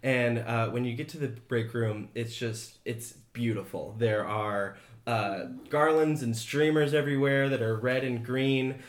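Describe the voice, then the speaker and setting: A man's voice: mid-range voice, unhurried, hardly any pauses. Laid-back male game master. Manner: relaxed, laughing, lots of fillers. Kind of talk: casual tabletop game narration. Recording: roomy echo.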